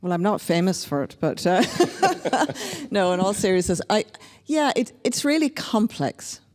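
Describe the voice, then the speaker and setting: A woman's voice: medium pitch, sing-song, a little slow, darkish tone, big-room sound. A woman from Northern Ireland speaking candidly and reflectively as a panelist at a public discussion. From Northern Ireland (County Antrim). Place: large hall at a public panel event.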